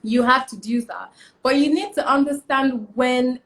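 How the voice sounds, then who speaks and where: Emphatic young woman, high voice. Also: measured pace. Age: young adult. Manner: emphatic, repeats key points, animated. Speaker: interview guest, fashion stylist. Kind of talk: casual interview, motivational advice.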